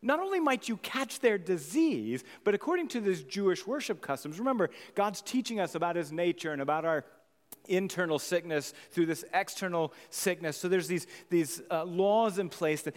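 A man preaching a sermon as pastor, animated, swinging from loud exclamations to hushed near-whispers. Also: high voice, normal speed, big-room sound.

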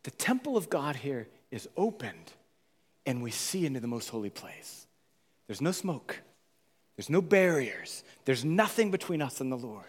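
A male pastor preaching a sermon, moving between loud, urgent emphasis and hushed, whispered tenderness. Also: mid-range voice, sing-song, measured pace, slightly rough. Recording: long hall reverb.

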